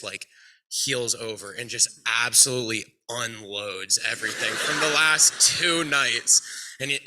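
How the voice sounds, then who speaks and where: An animated young man telling a casual, funny story at a memorial gathering. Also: mid-range voice, poor audio. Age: young adult. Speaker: speaker at a memorial.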